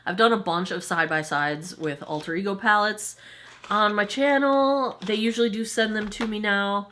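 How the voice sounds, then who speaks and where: A woman's voice: mid-range voice, normal speed, a bit bright. Woman, forties, US beauty vlogger, chatty and self-deprecating, rambly Q&A. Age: 40s. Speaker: beauty YouTuber. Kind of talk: casual Q&A chat to camera.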